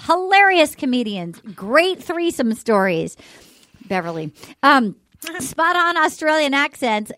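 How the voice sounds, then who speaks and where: A woman's voice: high voice, fairly bright tone, dry recording, studio quality. A woman hosting a podcast, chatty and gushing as she reads listener mail. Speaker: podcast host. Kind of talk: casual chat.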